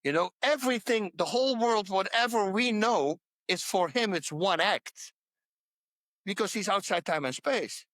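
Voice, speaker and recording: Guy on a podcast, kinda high voice, repeats himself to drive it home, dry close mic. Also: a little slow, fairly bright tone, no echo. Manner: emphatic, repeats points to hammer them home. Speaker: podcast guest. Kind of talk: casual interview talk about faith.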